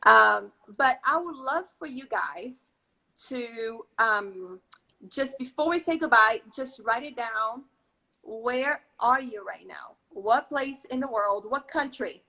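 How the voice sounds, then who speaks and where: A high-pitched woman hosts a live baking stream over a video call. Her voice is bright and forceful, and she gushes as she reads out viewers' comments. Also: expressive, slow, vocal fry, poor audio. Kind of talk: casual live-stream chat.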